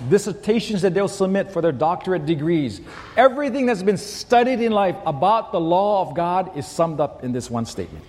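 This pastor's voice sits high and is animated and brisk as he preaches a sermon to a congregation, with a long reverb tail behind him. He tells a story, acting out the quotes and breaking into shouts.

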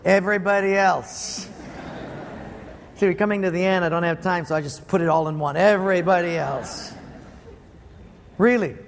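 A man with a fairly high, gravelly voice preaches a sermon, spinning playful, punchy stories. His voice carries a long reverb from a large hall, over a faint hiss. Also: normal speed, pauses often. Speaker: pastor.

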